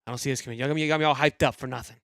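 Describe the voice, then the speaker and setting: A young man hosting a live fan sports show, excitable and rambling, swearing freely and swinging from loud hype to low grumbling. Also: racing, clean tone, no room sound, clean studio sound. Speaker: sports podcast host.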